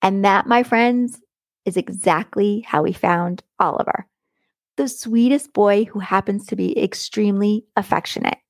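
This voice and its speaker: A woman's voice: mid-range voice, measured pace, dry recording, studio quality. A middle-aged woman hosting a podcast and telling a personal story in a chatty, blunt way, laughing often. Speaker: podcast host. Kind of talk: casual storytelling monologue.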